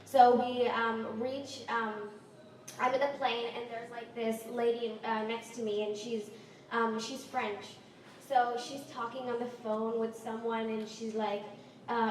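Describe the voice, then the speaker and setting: A woman's voice: a little high, little pitch movement, measured pace. Teen girl doing standup at an open mic, lots of likes and ums, far from the mic, super echoey. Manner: rambling, many likes and ums. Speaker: stand-up performer. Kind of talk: stand-up comedy story.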